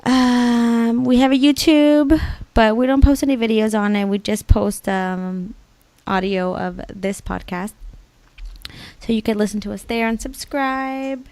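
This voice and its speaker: A young woman co-hosting a podcast in casual chat, full of "like" and quick laughing asides. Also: on the high side, a little mellow, dry recording. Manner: chatty, lots of "like" and laughing asides. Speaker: podcast co-host.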